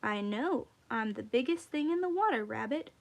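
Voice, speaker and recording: A woman's voice: fairly high pitch, lively intonation, normal speed, creaky. A woman voicing a huge, proud male whale who brags in an easygoing way. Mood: boastful. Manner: boastful, easygoing.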